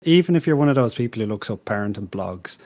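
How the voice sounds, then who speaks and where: A man's voice: lowish voice, animated, fast, a little mellow. A man on a podcast panel chatting casually about parenting, dropping dry, wry asides. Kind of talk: casual chat.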